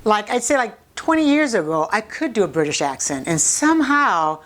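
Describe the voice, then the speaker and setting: A woman's voice: mid-range voice, very animated, moderate pace. Woman co-host, chatty and earnest, easy casual talk. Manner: chatty, laughs easily, earnest. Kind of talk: casual chat.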